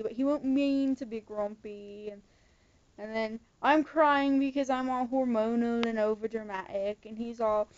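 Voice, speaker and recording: A woman's voice: fairly high pitch, a little mellow, dull audio. A young woman doing a put-on British accent, ranting sarcastically in a casual vlog from her bedroom. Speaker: vlogger.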